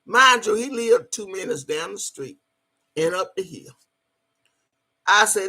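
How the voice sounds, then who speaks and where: A woman's voice: medium pitch, a little slow, pushed and bright, husky. A woman, telling a story in a blunt, emphatic way and cussing freely. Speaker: vlogger. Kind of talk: profane storytelling monologue.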